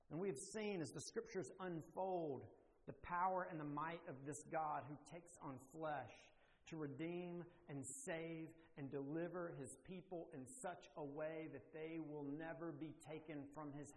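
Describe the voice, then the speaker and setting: A man preaching a sermon as pastor, emphatic and deliberate, with slow pauses that build to forceful declarations. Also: a little high, in a large hall.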